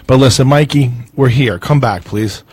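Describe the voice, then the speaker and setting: A man's voice: medium pitch, moderate pace, a little mellow, husky, dry recording. A man co-hosting a casual live talk show, joking, laughing often and making earnest pleas. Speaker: co-host.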